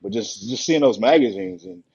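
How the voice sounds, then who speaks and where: A man who is a bodybuilder and podcast guest, telling stories in a relaxed, rambling way and acting out the quotes. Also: medium pitch, moderate pace, husky. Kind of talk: casual storytelling on a podcast. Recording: muffled lo-fi podcast audio.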